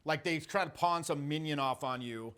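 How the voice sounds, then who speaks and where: A man in his forties coaching people on social skills, with a fairly high voice for a man. He talks bluntly and jokes as he tells stories, swearing freely as he goes. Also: normal speed, fairly bright tone. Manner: blunt, profane, jokey storytelling. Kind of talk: casual coaching talk.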